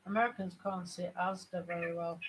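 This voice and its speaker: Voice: medium pitch, steady tone, fairly quick, slight background noise, low-quality recording. Rambling northeast English storyteller. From Sunderland, northeast England. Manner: rambling storyteller, many restarts. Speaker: family channel vlogger. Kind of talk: casual chat.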